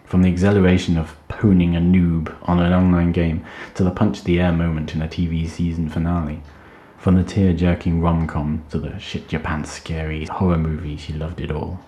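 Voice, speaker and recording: A man reading a story aloud at a steady, measured pace. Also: deep voice, muffled recording. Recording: roomy echo.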